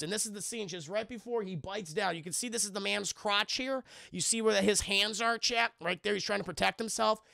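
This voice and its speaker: A man's voice: high voice, vocal fry, fairly bright tone, dry recording, clean studio sound. A man giving casual live-stream commentary on a TV episode, rambling and profane, with many restarts as he talks to his chat.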